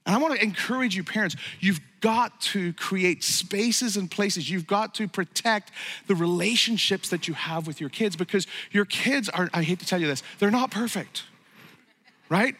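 A man's voice: sits high, normal speed, sharp tone. A middle-aged man preaching a sermon as pastor, emphatic and building to raised peaks. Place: church sanctuary. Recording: long hall reverb.

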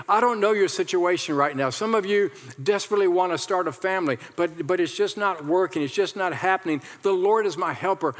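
A male pastor preaching a lively sermon, repeating lines and leading the congregation in call-and-response. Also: sits high. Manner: animated, repetitive, leads the congregation in call-and-response. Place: large church hall with congregation. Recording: long hall reverb.

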